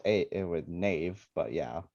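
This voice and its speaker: Quiet, low man at a game table. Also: lively intonation, a little slow, vocal fry, no room sound, muffled recording. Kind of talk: casual chat at a game table.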